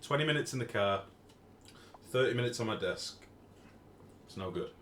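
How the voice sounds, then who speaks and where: A man's voice: mid-range voice, lively intonation, moderate pace, a bit bright, a little hiss or hum. A British man streaming a game, chatting casually and joking at his own expense in an echoey room. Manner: self-mocking, chatty, joking with chat. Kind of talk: casual gameplay commentary.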